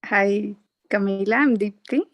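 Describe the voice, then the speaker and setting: A woman from India, sharing her experience with the group in an earnest, halting way. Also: medium pitch, vocal fry, dry recording. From India (Telangana). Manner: earnest, halting, with light laughs. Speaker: workshop participant. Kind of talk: personal testimony. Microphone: video call.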